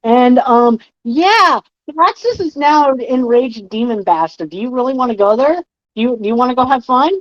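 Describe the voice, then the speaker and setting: A woman's voice: fairly high pitch, animated, moderate pace, dry recording, pitched above the performer's own voice, lightly acted. Cocky mocking adventurer, as a woman puts him on. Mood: smug, mocking. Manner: chummy, sarcastic swagger. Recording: dull dry lo-fi mic.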